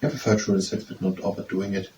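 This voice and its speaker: A man, tutoring by slowly repeating French phrases and testing how they sound, then leading simple wrist exercises. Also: low voice, fairly even intonation, mellow. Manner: slow, repetitive, trying out pronunciations. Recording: distant mic with faint background noise.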